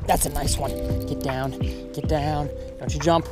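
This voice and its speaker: A man's voice: on the high side, fairly even intonation, unhurried, music in the background. A young man narrating his own fishing trip outdoors on a river, exclaiming and repeating phrases as he goes. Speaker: fishing vlogger. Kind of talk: excited fishing vlog commentary.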